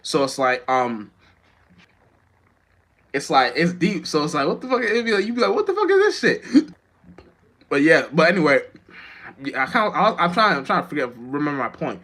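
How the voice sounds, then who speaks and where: A man's voice: fairly high pitch, big pitch swings, a little fast, long pauses, pushed and bright. A young man, a rapper, chatting loosely to viewers on a livestream, often losing his train of thought and swearing freely. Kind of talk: rambling casual livestream chat.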